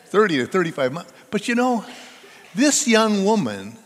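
An older man delivers a chatty, storytelling sermon and keeps drawing the congregation into it. His pitch rises and falls in a lively way. His voice rings with the long reverb of a large hall. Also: normal speed. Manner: conversational, chatty storytelling that draws the audience in. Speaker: pastor.

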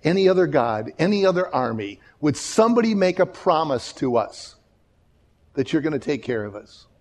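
A pastor in full sermon mode, his somewhat high voice swinging between hushed warnings and loud, excited story beats. He acts out the people in his stories and often restarts his sentences. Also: normal speed. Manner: restarts and repeats words.

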